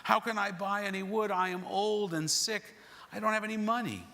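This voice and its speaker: A man's voice: sits high, moderate pace, sharp tone, pitched above the performer's own voice. A man voicing a frail, sick, poor old woman who speaks weakly and complains. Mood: complaining. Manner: weak, complaining. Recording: reverberant sanctuary recording.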